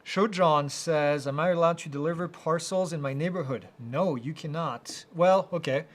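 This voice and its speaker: Hosting a live Q&A chat, a man reads out viewer questions and answers them casually, halting often and using many fillers. His voice sits on the high side.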